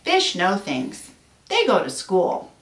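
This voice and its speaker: A happy, curious young tadpole who wants to change too, as a woman puts him on. He sounds wide-eyed and eager, lively in pitch but slow. The voice comes from away from the mic in an echoey room. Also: recorded from a distance, slight background noise, exaggerated voice.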